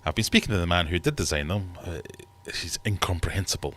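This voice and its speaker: In a fast, very low voice, this British man in his thirties hosts a relaxed livestream chat from his home fish room. Good-natured and rambling, he jokes as he reads comments from viewers.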